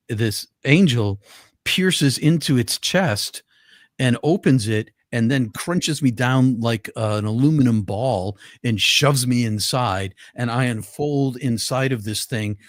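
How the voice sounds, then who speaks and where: A man's voice: mid-range voice, no echo. An older man with a mid-range voice recounts a personal story in an earnest, vivid way, often stopping to restart or repeat words. The sound is close and dry with no room around it. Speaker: guest.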